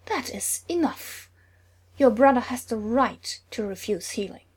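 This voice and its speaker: A woman's voice: fairly high pitch, expressive, unhurried, breathy edge. A woman voicing a stern older healer who speaks firmly and caustically. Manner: firm, clipped, caustic.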